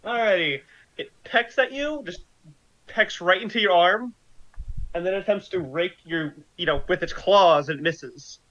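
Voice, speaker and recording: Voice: mid-range voice, unhurried, a bit bright. A game master running a tabletop game, counting dice rolls aloud and laughing often. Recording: slightly dull lo-fi sound.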